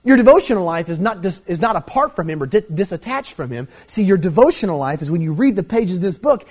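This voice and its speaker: A man preaching a sermon as pastor, emphatic and conversational, with big swings in pitch and loudness and frequent asides like "see" and "man.". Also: big pitch swings, quick pace, hardly any pauses, husky.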